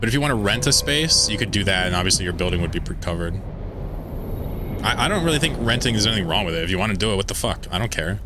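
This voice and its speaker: A man from the American South talks casually to his chat while playing a game. His voice is fairly low and his talk rambles, offhand and peppered with swearing, over a faint hiss. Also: animated, fast. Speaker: game streamer. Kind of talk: casual live-stream chat over gameplay.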